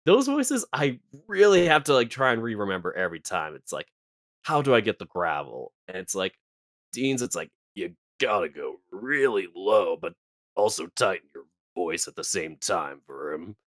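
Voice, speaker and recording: Man, somewhat low voice, chatty podcast guest, dry close mic. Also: very animated, normal speed, fairly bright tone, dry recording. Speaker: guest voice actor. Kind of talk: casual roundtable chat.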